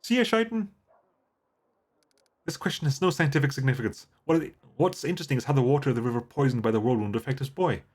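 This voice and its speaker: A man voicing an odd, detached female scholar who talks in a high-pitched, clinical, rambling way while reading game dialogue aloud. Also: fast, darkish tone, slightly rough, natural voice. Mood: clinically curious.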